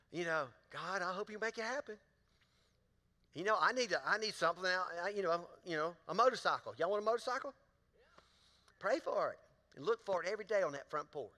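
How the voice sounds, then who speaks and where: A male pastor with a high, pushed, bright voice preaches a sermon, telling folksy stories and putting questions to his congregation. He's in a large church auditorium, and the recording carries a long hall reverb.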